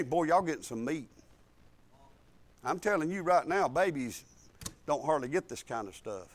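An older man, a pastor telling family stories in a sermon and swinging from soft asides to bold, loud preaching. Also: fairly high pitch, big pitch swings, unhurried, pauses often. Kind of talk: storytelling sermon.

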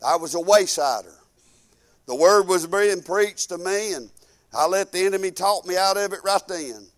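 A man preaches in church with a notably high voice. His delivery is folksy and fervent, swinging from loud proclaiming down to quiet, reflective asides. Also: normal speed. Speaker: pastor. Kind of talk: sermon.

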